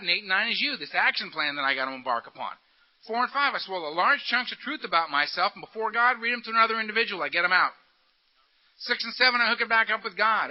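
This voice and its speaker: A man giving a recovery meeting talk in an animated, joking, punchy storytelling manner. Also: high voice. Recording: dull lo-fi recording.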